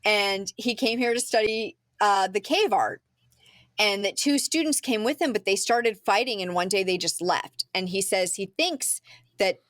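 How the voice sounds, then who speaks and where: A woman's voice: mid-range voice, measured pace, a bit bright, dry recording, clean studio sound. A woman podcast host in casual chat, recapping a film scene by scene, with lots of "um" and "like". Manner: chatty storyteller with frequent "um" and "like".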